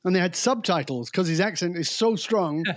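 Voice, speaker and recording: High-voiced man, dry close sound. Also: dry recording. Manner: animated storyteller who mimics accents and voices; slows down to stress key words. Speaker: podcast guest. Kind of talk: casual conversation.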